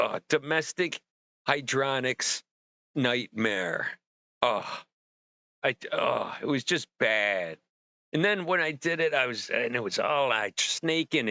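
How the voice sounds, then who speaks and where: A middle-aged man hosting a livestream, telling a long, animated story in casual chat and swearing freely as he acts out his own rants. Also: mid-range voice, dry recording, dull audio. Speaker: livestream host.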